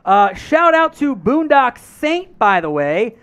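A man hosting a live-stream sports talk show, chatting with viewers in energetic, animated banter. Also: extremely high pitch, takes it slowly, clean tone, no room sound.

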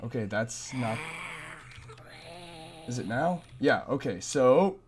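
A man's voice: medium pitch, animated, takes it slowly, slight background noise. A man commentating a horror game as he plays, frantic and self-mocking, often repeating himself in a panic. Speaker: gameplay commentator. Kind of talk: let's play commentary.

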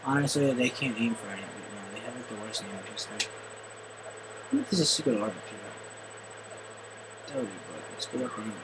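A man doing excitable gameplay commentary, often yelling and swearing at the game. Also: on the low side, a little fast, pauses often, noisy background. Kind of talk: let's play commentary.

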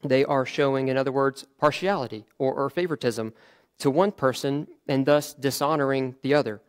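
A man's voice: mid-range voice, fairly quick, clean tone. A man preaching a sermon in a conversational way, often restarting his phrases and adding fillers.

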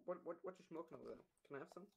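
A man's voice: fairly high pitch, rapid-fire, creaky, breathy edge. A man joining a casual game let's play, joking and stammering, often repeating words. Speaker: guest co-player.

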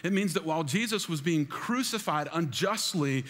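A pastor preaches in a large church auditorium, calling on the congregation to repeat his words back in call-and-response. His voice is a little high, expressive, and fairly bright, moving at a moderate pace under a long hall reverb.

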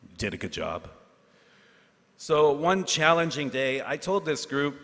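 A man's voice: on the high side, sing-song, a bit bright. Male teacher in an echoing hall. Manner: earnest, self-deprecating, with asides and pauses for effect. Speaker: teacher giving a graduation speech. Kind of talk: ceremonial speech. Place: large hall at a ceremony. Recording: hall reverb.

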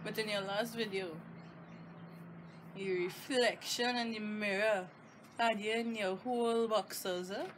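A woman's voice: medium pitch, fairly even intonation, unhurried, slight background noise. A woman co-hosting a casual home vlog, teasing her partner and laughing often, recorded at home in bed. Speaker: vlog co-host.

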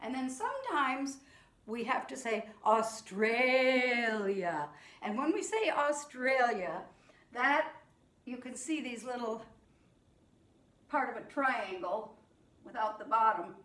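A middle-aged woman teaching young children in a sing-along music lesson, speaking gently and patiently. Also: fairly high pitch, lively intonation, slow pace, long pauses, echoey room.

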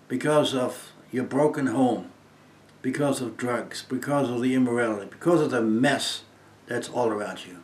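An earnest German man in his eighties gives an inspirational testimony as a guest speaker, swinging from loud emphasis to soft, hushed phrases. His voice sits at medium pitch, and the room echoes.

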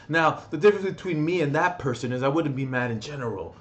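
A young man with a fairly high voice rants on his vlog. He swears constantly and keeps bursting out loudly in agitation. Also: animated, quick pace, hardly any pauses. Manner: profane, agitated ranting with sudden loud outbursts. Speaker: vlogger. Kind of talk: angry ranting vlog.

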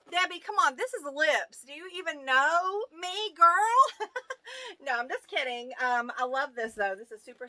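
A woman with a rural American accent hosting a casual unboxing video, excitable and gushing as she talks to her viewers. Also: on the high side, slight background noise. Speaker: YouTube channel host. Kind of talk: casual unboxing of fan mail.

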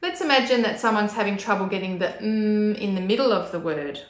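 A woman's voice: mid-range voice, lively intonation, a little fast. Woman in an echoey room, carefully enunciating sounds. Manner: demonstrates speech sounds with careful, exaggerated enunciation. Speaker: speech pathologist. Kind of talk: instructional video explanation.

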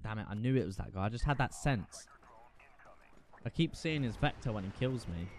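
A man giving casual, profane, excitable commentary while playing a shooter game. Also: on the low side, brisk, background noise. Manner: profane, excitable, self-mocking. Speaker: gaming video creator.

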